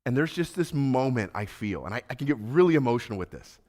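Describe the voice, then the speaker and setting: A man preaching a sermon, acting out the voices of Jesus and Peter and moving between loud, urgent lines and soft, hushed ones. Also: medium pitch, animated, fast talker. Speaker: pastor.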